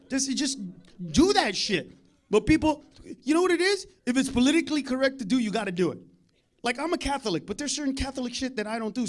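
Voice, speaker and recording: Man, stand-up comedian, very high-pitched voice, loud profane rants, comedy club stage. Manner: loud, profane, ranting delivery. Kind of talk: live stand-up routine.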